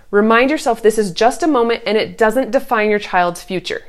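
A woman's voice: on the high side, moderate pace, few pauses. A woman in her thirties giving casual parenting advice, earnest and reassuring, now and then putting on a sweet sing-song voice when she acts out what a parent might say. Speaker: parenting coach.

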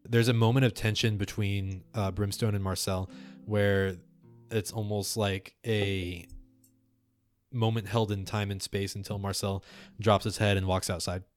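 A man narrating as game master in a measured, descriptive way. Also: on the low side, little pitch movement, soft background music.

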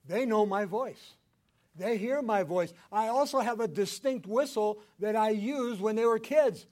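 An older man preaching a sermon, swinging between loud emphatic lines and hushed ones. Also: high voice, measured pace. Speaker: pastor.

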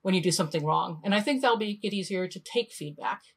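A woman in her fifties, a podcast guest, telling stories in a lively way and acting out the voices in them. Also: medium pitch, quick pace, heavy background noise. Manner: animated storyteller, acts out voices. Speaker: guest, design leader. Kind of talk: podcast interview storytelling.

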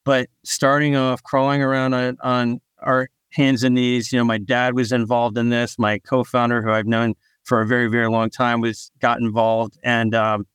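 A man, a startup founder, answering podcast interview questions in a relaxed storytelling way, often repeating a word as he restarts. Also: mid-range voice, moderate pace, hardly any pauses, smooth, no room sound, clean studio sound.

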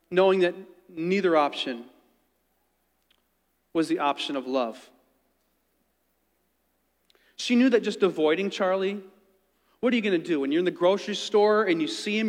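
A man telling a story in an earnest, conversational sermon, dropping quiet when he quotes others. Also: high-pitched, in a large hall.

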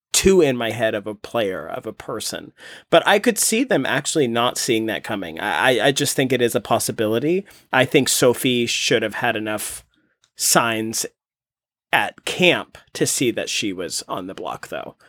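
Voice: mid-range voice, a bit bright, no room sound. Reflective podcast co-host, dry close sound. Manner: reflective, halting with restarts. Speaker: podcast co-host and former contestant. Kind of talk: casual recap chat.

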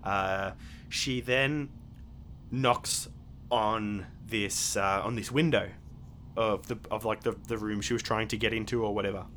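A man's voice: fairly low pitch, fairly even intonation, a little slow, a bit bright, a little hiss or hum. A man narrating as game master of a tabletop game, rambling with many fillers and restarts.

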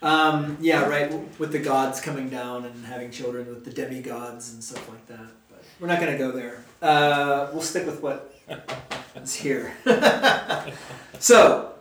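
A man's voice: medium pitch, a little slow, a bit bright, slight background noise. A man leading a casual Bible study, talking in a chatty, rambling way. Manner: chatty, rambling, uses fillers. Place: church meeting room. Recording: echoey room, distant mic.

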